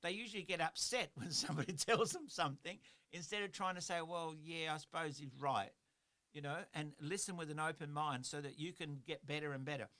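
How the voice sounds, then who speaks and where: Bright-voiced radio host. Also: male voice, a little high, fast talker, few pauses. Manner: earnest, rambling, repeats phrases for emphasis. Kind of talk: motivational radio chat. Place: radio studio.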